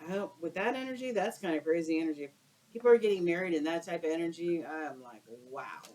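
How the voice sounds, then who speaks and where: A woman's voice: on the low side, fast talker, darkish tone, low-quality recording. A woman doing a casual tarot card reading for her viewers, exclaiming and using slang as she turns the cards. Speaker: tarot reader.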